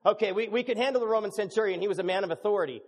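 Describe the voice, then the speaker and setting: A middle-aged man preaching a sermon as a pastor, animated and joking, acting out scenes. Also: high-pitched, very fast. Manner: animated, jokey preaching with acted-out dialogue. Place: church hall. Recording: long reverb of a large hall.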